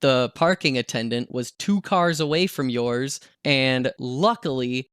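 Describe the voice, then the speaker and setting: Man quoting a deadpan, fed-up dad, flat and blunt. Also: medium pitch, measured pace, clear, resonant tone, no room sound, studio quality, close to an everyday voice. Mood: smug. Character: exasperated, dry-humored dad.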